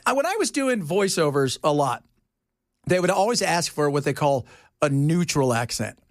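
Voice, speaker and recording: Teasing radio talk show host. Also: male voice, a little high, moderate pace, no room sound, clean studio sound. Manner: joking, teasing, animated; acts out quoted voices. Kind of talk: casual on-air banter. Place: radio studio.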